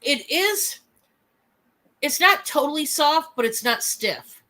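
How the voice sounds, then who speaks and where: A hoarse woman with a cold, her voice deepened, chatting and gushing as she hosts a live sale. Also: animated, takes it slowly, sharp tone. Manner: chatty, laughing, gushing over items. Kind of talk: casual live selling chat.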